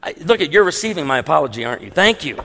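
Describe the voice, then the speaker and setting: A man preaching a sermon as a pastor, animated, moving between hushed emphasis and loud punchy lines. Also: on the high side, racing, creaky. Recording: long reverb of a large hall.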